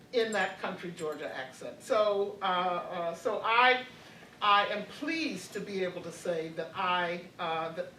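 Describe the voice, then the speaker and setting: A woman's voice: medium pitch, fairly bright tone, reverberant, distant mic, slight background noise, poor audio. An older woman in her eighties, reflecting on her college years as a panelist, hesitant with many fillers and restarts and frequent laughs. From Baltimore. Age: 80s. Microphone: video call.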